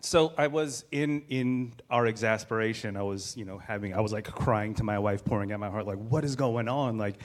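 Animated man in his thirties, low-pitched. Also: a little fast, few pauses. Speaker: guest sharing a personal story. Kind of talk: candid personal storytelling.

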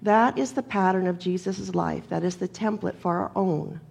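Gravelly, husky woman preaching a sermon. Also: lowish voice, darkish tone. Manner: measured, emphatic repetition.

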